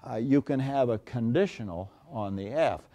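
An older man giving a university lecture, often pausing on uh and stressing his example sentences. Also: medium pitch, dark tone. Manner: many uh fillers, emphatic example phrases. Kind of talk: classroom lecture. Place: lecture hall.

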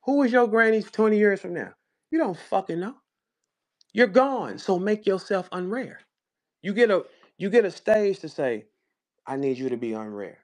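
Man with a St. Louis accent, battle rapper, bragging and cursing, pitched a bit high. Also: animated, moderate pace. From St. Louis, USA. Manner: boastful, profane, preachy. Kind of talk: casual chat in a live audio room.

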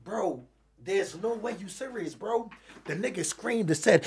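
A man telling a story in casual chat as a streamer being interviewed, swinging from quiet recounting to loud shouting. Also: sits high, lively intonation, moderate pace.

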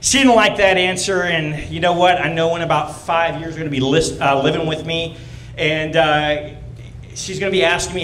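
A man's voice: fairly high pitch, fairly even intonation, a bit bright, reverberant, a little hiss or hum, rough recording. A man doing a brash stand-up set on a comedy club stage, telling stories and acting out other people. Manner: brash, storytelling, quick to act out other people.

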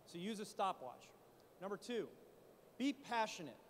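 A man speaking at a conference, coaching founders on pitching in an animated way, full of rhetorical questions. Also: moderate pace, in a large hall, a little hiss or hum. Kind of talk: startup pitch talk. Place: conference stage in a large hall. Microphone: handheld mic.

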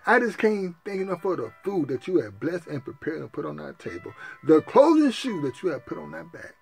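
A man preaches and prays with great fervor, calling his listeners sisters and brothers and crying out to Jesus over and over. His somewhat high voice is very animated, creaky and darkish, moving fairly quickly, with faint music in the background.

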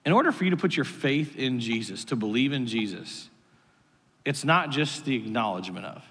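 Animated pastor preaching in a reverberant hall. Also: male voice, normal speed, slightly rough. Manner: animated storytelling with sudden jumps in pitch. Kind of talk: sermon. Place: church sanctuary. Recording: long reverb of a large hall.

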